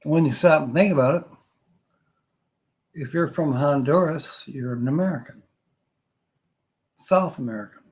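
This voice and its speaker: A man's voice: on the high side, measured pace, pauses often, rough recording. An older man hosting a casual live stream, reading viewer comments aloud and joking with a frequent chuckle.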